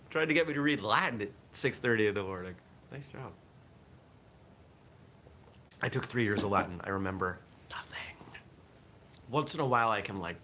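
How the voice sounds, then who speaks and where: A man with a lowish voice and a fairly bright tone hosts a live martial arts morning show. He speaks reflectively, thinking aloud in casual morning livestream talk, with slight background noise.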